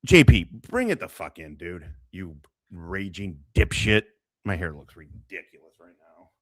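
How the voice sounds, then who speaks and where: Crude mocking male streamer, lively pitch. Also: measured pace, dry recording. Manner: mocking, crude, laughs often. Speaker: streamer host. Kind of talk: profane casual livestream rant.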